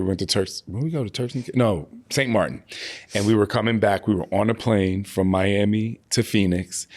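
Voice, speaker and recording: Deep-voiced man opening up emotionally. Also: darkish tone. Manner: emotional, open, slows on heavy moments; casual, frequent "like" fillers. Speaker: guest. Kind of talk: candid interview conversation.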